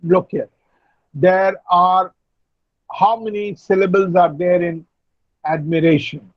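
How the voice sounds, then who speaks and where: A man lecturing an online class, explaining slowly, repeating and spelling out words. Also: high-pitched, fairly even intonation, no echo, dull audio. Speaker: university lecturer. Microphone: video call.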